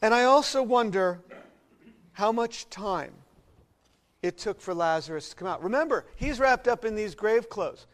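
A man preaching a sermon, earnest and expressive, dropping to quiet reflection and rising to loud emphasis. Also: high voice, a little slow, rough recording.

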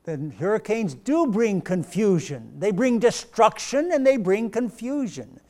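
A man with a high voice delivers a sermon. He tells a story with a few stumbles, then slows down and presses his points with emphatic rhetorical questions. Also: expressive, warm tone. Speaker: preacher.

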